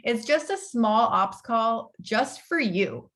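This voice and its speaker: A woman's voice: on the high side, animated, slow pace, a bit bright. A woman leading a motivational training call for new team members over video. She talks casually and upbeat, often laughing and saying "like.".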